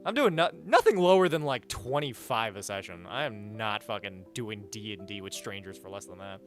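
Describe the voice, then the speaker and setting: A man's voice: fairly low pitch, lively intonation, moderate pace, faint music behind. A young man streaming live, chatting casually, reading out chat and donations, blunt and swearing freely as he rants. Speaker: livestreamer.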